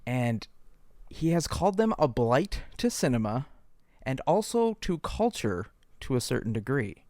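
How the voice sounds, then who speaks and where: A man's voice: mid-range voice, very animated, a little slow, a little mellow, dry recording, clean studio sound. A man co-hosting a casual comedic podcast, throwing in sarcastic quips and jokes. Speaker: podcast co-host.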